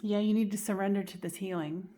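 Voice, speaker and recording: A woman's voice: mid-range voice, fairly even intonation, fast talker, noisy background. A woman giving a casual tarot card reading to camera, chatty and reassuring, often saying "you know" and "like". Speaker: tarot reader.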